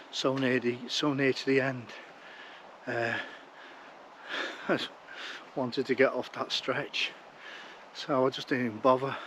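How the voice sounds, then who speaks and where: Tired from walking, a hiking vlogger chats to an action camera he holds as he moves along an outdoor route, rambling and blunt. His medium-pitched voice is a bit bright, with a little hiss or hum.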